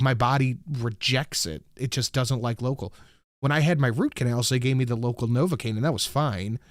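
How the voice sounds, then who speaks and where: A man's voice: medium pitch, no echo, clean studio sound. A middle-aged man casually telling a story, profane and exasperated, acting out both sides of the conversation. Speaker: show host.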